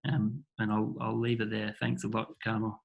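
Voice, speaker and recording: A man giving an online academic presentation about his research, talking in a quick delivery that often restarts. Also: on the low side, completely flat delivery, vocal fry, dull audio. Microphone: video call.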